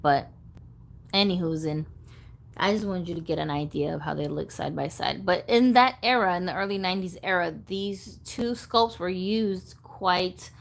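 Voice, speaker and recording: A woman's voice: on the low side, moderate pace, vocal fry. A woman hosting a casual doll-collector livestream, chatting in a rambling, easygoing way and reading viewer comments aloud.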